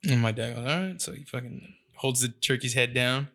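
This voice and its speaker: Man, casual chat, profane, animated storyteller, mid-pitched voice. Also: fairly quick. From San Jose, California.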